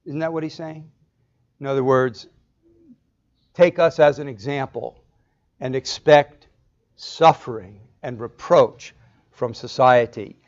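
A man's voice: medium pitch, fairly even intonation, slow, long pauses, darkish tone. Man preaching, dull lo-fi recording. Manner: explains step by step, poses rhetorical questions. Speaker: pastor. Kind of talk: expository sermon.

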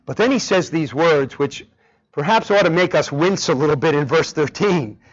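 A man's voice: on the high side, normal speed. A man preaching a sermon with emphasis, often asking the congregation rhetorical questions. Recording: dull lo-fi recording.

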